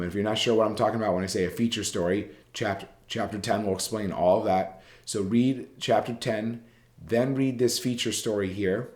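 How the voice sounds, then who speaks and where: Low-voiced man lecturing casually. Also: darkish tone, echoey room. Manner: casual, rambling, with frequent fillers and restarts. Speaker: journalism writing instructor. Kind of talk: recorded lecture giving class feedback.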